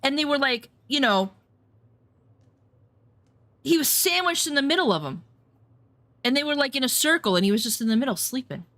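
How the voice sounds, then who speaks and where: A woman telling rambling, animated anecdotes in a casual chat, full of swearing. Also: sits high, normal speed, long pauses, no room sound. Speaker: storyteller.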